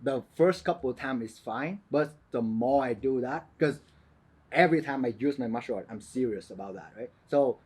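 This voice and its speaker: A male host in a casual interview chat. He speaks haltingly, repeats himself and gives short agreeing replies. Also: medium pitch, lively intonation, breathy edge.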